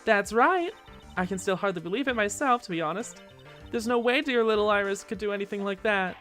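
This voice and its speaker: Man doing a high chirpy old nun lady. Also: animated, brisk, a bit bright, soft background music. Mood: earnest. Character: cheerful elderly woman, head nun.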